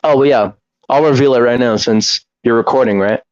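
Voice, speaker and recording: A young man co-hosting a casual podcast, joking around with deadpan, rambling humor. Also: mid-range voice, moderate pace, lo-fi sound. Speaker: podcast co-host. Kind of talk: casual chat.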